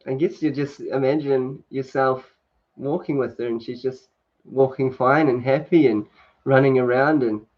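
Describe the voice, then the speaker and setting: A man hosting a relaxed livestream at home, laughing often and chatting loosely with plenty of fillers. His voice sits at an ordinary mid pitch. The sound is dull and lo-fi, like a home stream mic. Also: normal speed. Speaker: livestream host. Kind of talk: casual livestream chat reading comments. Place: indoors at home, sunny.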